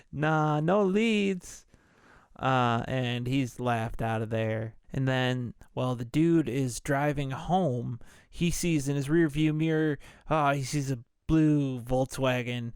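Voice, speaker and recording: A man hosts a casual movie podcast and rambles loosely through the plot, swearing freely as he goes. He talks slowly in a clean, clear voice. The sound is dry and close, with no room around it. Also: mid-range voice, dry recording. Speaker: podcast host.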